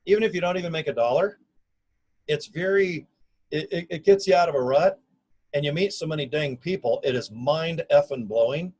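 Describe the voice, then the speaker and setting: A man in his fifties speaks straight to his own camera in an energetic, folksy pitch. His voice sits a little high for a man, and he leans on slang and punchy emphasis as he talks. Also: breathy edge, rough recording. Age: 50s. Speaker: online business recruiter. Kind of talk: casual self-recorded video pitch. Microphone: camera or phone mic.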